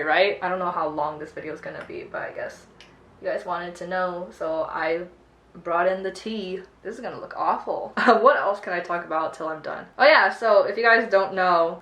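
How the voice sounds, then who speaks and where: A beauty vlogger with a lowish, slightly bright voice chats casually while doing her makeup, telling a story full of swearing in a get-ready-with-me format. The room is echoey.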